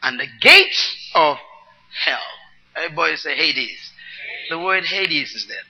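A man preaching a teaching sermon, explaining scripture word by word and calling on the congregation to repeat after him. He swings between loud, emphatic bursts and soft asides. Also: on the high side, expressive, brisk, low-quality recording. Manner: teaching, asks the congregation to repeat and write words down.

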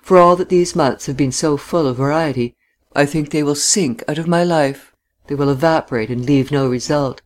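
A man reading the quiet, offhand lines of a weary young Englishman in an audiobook. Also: fairly high pitch, moderate pace, natural voice. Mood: wry. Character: tall, weary young Englishman, light and self-mocking. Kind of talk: audiobook dialogue.

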